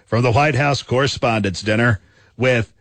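A man's voice: medium pitch, normal speed, a bit bright, dry recording. A man hosting a radio countdown show, announcing the next entries in a punchy announcer manner.

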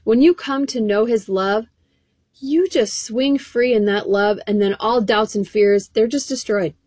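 A woman's voice: mid-range voice, unhurried, a little mellow, no echo. A woman preaching a sermon in an earnest way, reading scripture aloud and asking the listeners direct questions.

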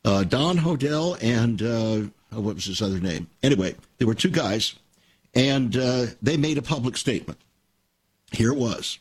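A man's voice: medium pitch, lively intonation, moderate pace, breathy edge. An older man hosting a Christian radio talk show, telling stories earnestly and with emphasis.

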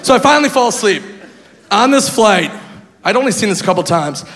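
High-voiced comedian in a big reverberant hall. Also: male voice, a little fast. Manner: animated, laughing, bursts into loud shouted impressions. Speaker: stand-up comedian. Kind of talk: stand-up storytelling. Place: comedy club stage. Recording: reverberant hall with faint crowd and noise.

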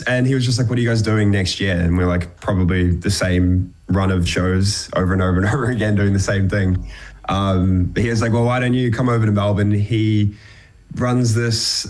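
A young man from New Zealand with a New Zealand accent, chatting casually as a musician guest, with lots of fillers and easy laughs. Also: lowish voice. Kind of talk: casual interview chat.

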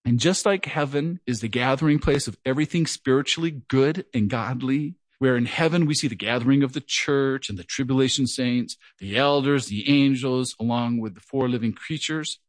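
A man's voice: medium pitch, moderate pace, hardly any pauses, dry recording. A middle-aged man preaching an earnest verse-by-verse Bible teaching, with a slight stutter. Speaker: pastor. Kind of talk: sermon.

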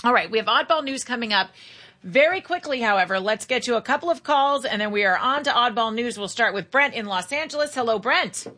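A woman hosting a talk radio show, upbeat and brisk as she takes calls. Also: fairly high pitch, lively intonation, pushed and bright.

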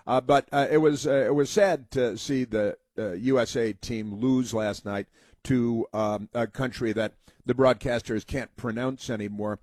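A man's voice: medium pitch, steady tone, measured pace, darkish tone, dry recording. American talk radio guy rambling on, lots of uhs, dry close mic sound. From United States. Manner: rambling, many uh fillers, mocking put-on voices. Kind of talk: political talk monologue.

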